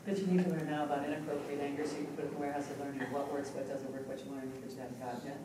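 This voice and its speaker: A woman leads a live hypnotherapy teaching demonstration, speaking expressively and conversationally in a low, rapid-fire voice. She's recorded from far away in a large conference hall, so the audio is echoey and noisy.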